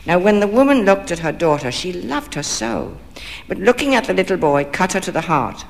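A man's voice: sits high, lively intonation, normal speed, gravelly. Male storyteller in a reverberant hall. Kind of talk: fairy-tale reading aloud.

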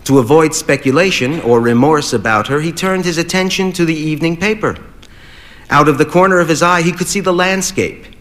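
A man narrating a short story as an audiobook, in a measured, even reading. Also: fairly high pitch.

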